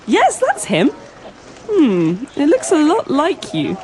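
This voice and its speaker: A woman playing a hesitant witness, high voice. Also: huge pitch swings, slow pace, mellow, full character voice. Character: woman witness describing a bank robber. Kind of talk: scripted dialogue for a language lesson.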